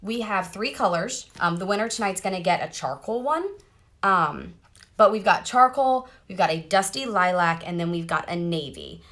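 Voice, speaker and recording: A woman's voice: mid-range voice, moderate pace, a bit bright. A woman, chatting bubbly and direct to viewers during a casual live makeup tutorial, sitting in a car. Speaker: makeup seller doing a live demo. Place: parked car.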